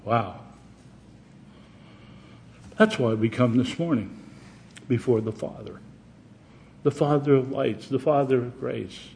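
A man preaching a sermon, rising dramatically on key words and dropping to hushed tones. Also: mid-range voice, takes it slowly, creaky, pauses often, slight background noise. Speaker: pastor.

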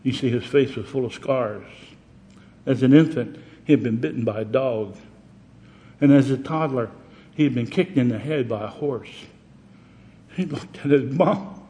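A man preaching a sermon, rising dramatically on key words and dropping to hushed tones. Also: mid-range voice, moderate pace, long pauses. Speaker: pastor.

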